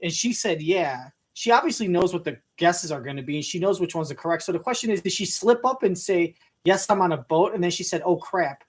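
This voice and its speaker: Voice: medium pitch, expressive, fairly quick, few pauses, breathy edge. A commentator reacting to a TV clip in rambling comic commentary, crude and overthinking, acting out imagined lines.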